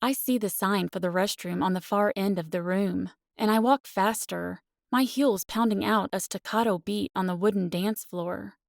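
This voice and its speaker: A woman narrating a first-person romance audiobook with expressive, earnest storytelling. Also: mid-range voice, moderate pace, creaky, hardly any pauses, no room sound, clean studio sound.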